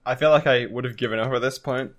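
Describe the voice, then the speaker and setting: Brief: relaxed player, short answers, typing heard behind. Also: male voice, medium pitch, quick pace, muffled recording. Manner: laid-back, brief replies. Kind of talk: casual play.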